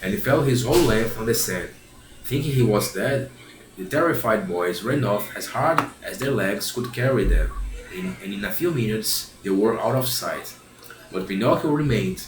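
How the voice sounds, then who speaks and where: Lower-voiced man reading a storybook aloud. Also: lively intonation, normal speed. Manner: frequent restarts and repeated phrases. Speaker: reader. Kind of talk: reading a children's classic aloud. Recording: roomy echo, faint background hiss.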